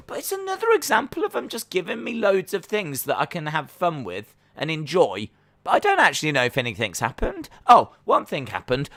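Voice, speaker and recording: A man's voice: fairly high pitch, wildly swooping pitch, a little fast, fairly bright tone. A man chatting his way through a live watch-along. He talks in a jokey, rambling way. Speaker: streamer reacting to wrestling.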